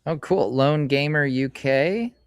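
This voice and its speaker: A middle-aged man hosts a casual live stream, chatting in a rambling way and reading card names aloud slowly. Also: fairly high pitch, clean tone, no room sound, studio quality. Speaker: streamer host. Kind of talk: casual live-stream chat while opening card packs. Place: hobby store, indoors.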